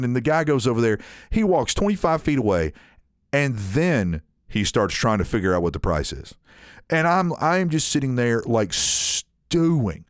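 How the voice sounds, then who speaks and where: A man telling a long story in casual chat, animated and full of restarts. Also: medium pitch, normal speed, no room sound, clean studio sound. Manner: animated, frequent restarts, mimics others in story.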